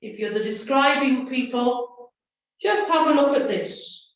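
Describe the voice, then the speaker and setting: A high-pitched woman speaks slowly and gently to schoolchildren, guiding them through an assembly activity. Her voice sits back from the mic in a very echoey room. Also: expressive, recorded from a distance. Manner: slow, gentle instructions to children. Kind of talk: children's assembly talk.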